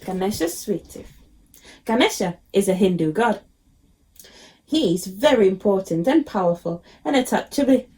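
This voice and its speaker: A woman teacher reading a picture book aloud to children, expressive and with frequent ums. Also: mid-range voice, moderate pace.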